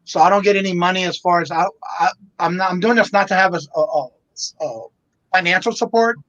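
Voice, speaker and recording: A man's voice: high voice, brisk, fairly bright tone, no room sound, dull audio. A man from Louisiana chatting casually on a livestream in an easygoing, rambling way. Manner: easygoing, rambling, repeats words as he talks. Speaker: reseller and show host.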